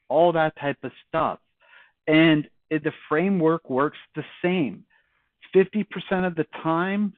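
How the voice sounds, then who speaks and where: A man giving a casual sales training talk, chatty and lively, acting out both sides of a phone call. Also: a little high, no echo. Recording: dry tinny phone-like audio.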